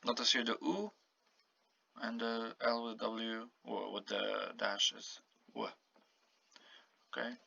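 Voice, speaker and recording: A man with a gravelly, bright and forceful voice teaches a language lesson at an unhurried pace, repeating each word carefully so the learner can copy it. The recording is dry and a little dull, like a simple home setup. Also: on the low side, no echo. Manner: slow, patient, repeats words to model pronunciation. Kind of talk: casual spoken language lesson.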